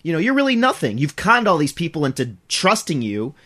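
A man's voice: on the high side, a little fast. A man in casual chat, animatedly recounting a story and acting out the characters. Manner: animated retelling, acts out characters.

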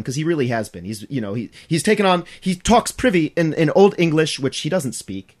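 A man's voice: fairly high pitch, a little fast. Man animatedly retelling a TV episode. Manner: animated retelling, acts out characters. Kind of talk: casual chat.

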